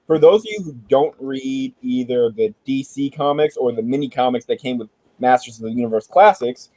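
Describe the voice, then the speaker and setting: A man hosting a casual entertainment chat, retelling a backstory in an animated, joking way and swearing casually. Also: medium pitch, fairly quick, no echo, poor audio. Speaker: podcast host.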